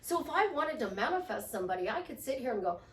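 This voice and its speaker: A woman life coach giving casual relationship advice in an animated way, often slipping into little role-play voices. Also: on the high side, quick pace, reverberant, recorded from a distance.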